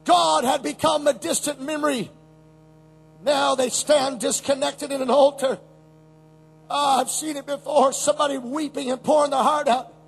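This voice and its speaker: A man preaching a sermon at a camp meeting, impassioned and shouting, with many repetitions. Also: extremely high pitch, steady tone, normal speed, gravelly, faint music behind, rough recording.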